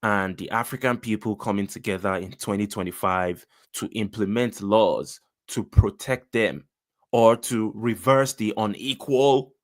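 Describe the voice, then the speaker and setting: A man with a Nigerian accent gives opinionated political commentary in a low, grounded voice. He talks emphatically and directly, often turning to address his audience. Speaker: commentary channel host.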